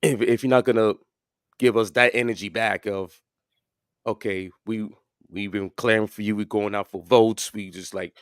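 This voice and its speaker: Rambling low-voiced man talking sports. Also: steady tone, a little fast, smooth, no echo, clean studio sound. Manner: rambling, many fillers and restarts. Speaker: podcast co-host. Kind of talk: casual sports chat.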